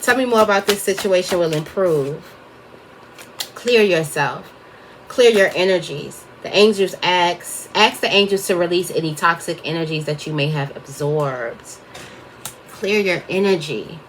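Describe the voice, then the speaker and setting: A woman's voice: lowish voice, unhurried, slight background noise. A woman giving a casual tarot reading, chatty and wandering off topic as she talks to her viewers. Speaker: tarot reader.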